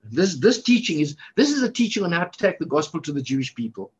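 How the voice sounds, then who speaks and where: Excitable, husky-voiced male preacher. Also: a little high, quick pace, muffled recording. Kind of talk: sermon.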